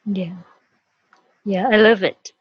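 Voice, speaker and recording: A woman's voice: medium pitch, fairly even intonation, slow pace, husky, no room sound. A woman hosting an interview, responding in an encouraging, affirming way. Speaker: podcast host. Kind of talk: interview conversation. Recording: dull, dry lo-fi audio.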